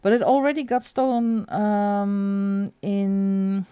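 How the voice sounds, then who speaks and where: A woman's voice: medium pitch, level tone, slow, warm tone, clear, resonant tone, no echo, lo-fi sound. A middle-aged woman hosting a coloring livestream, rambling and chatty as she answers her chat and laughs often. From Netherlands. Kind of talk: casual live-stream chat.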